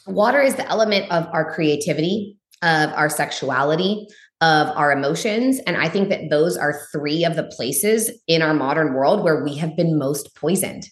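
A woman speaking at normal speed in an echoey room is a guest on a candid podcast, a spiritual teacher who's frank and blunt. She swears freely, says "like" constantly, and her voice jumps high when she stresses a point.

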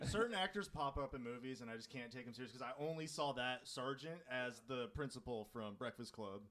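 A man's voice: medium pitch, brisk, fairly bright tone. A man chatting casually on a podcast with friends, mocking the characters with wry retellings. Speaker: podcast guest. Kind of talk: casual group chat.

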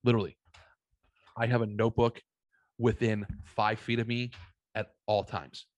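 A man's voice: lowish voice, level tone, normal speed, no room sound. A man telling rambling, profanity-laced anecdotes as a guest in a casual chat. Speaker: podcast guest. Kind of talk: casual storytelling.

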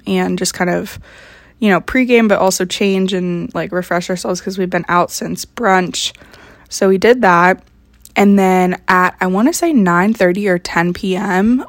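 A young woman in her early twenties tells a casual story, chatty and excitable, with her speech full of fillers. Her voice sits on the lower side for a woman. The sound is dry and close, with no room echo. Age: early 20s. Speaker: podcast host.

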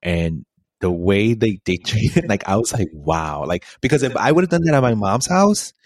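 A man's voice: on the low side, animated, moderate pace. A young man from a Puerto Rican family, co-hosting a podcast and telling a story in a laughing, casual way. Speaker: podcast co-host. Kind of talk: casual chat. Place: home, sitting face to face.

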